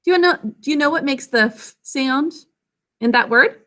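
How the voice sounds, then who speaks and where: A woman's voice: sits high, normal speed, fairly bright tone. A woman teaching a spelling and phonics lesson, sounding out words carefully and praising her pupils often.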